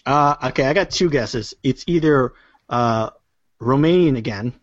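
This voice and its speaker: A man's voice: medium pitch, unhurried, highs cut off. A man joining a casual podcast chat, hesitant and full of fillers. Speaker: podcast guest.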